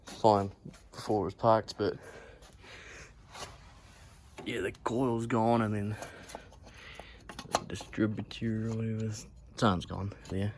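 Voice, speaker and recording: A man's voice: lowish voice, steady tone, slow, long pauses, darkish tone, slight background noise. A young man chatting casually while filming on his phone in a garage, rambling and swearing often as he talks. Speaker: vlogger. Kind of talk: casual vlog chat. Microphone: phone held while filming.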